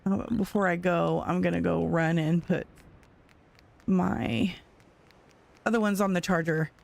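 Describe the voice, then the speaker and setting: A woman gaming on stream casually tells her audience a lively story, breaking into laughter often. Her voice is lowish and fry-tinged, and her pace is measured.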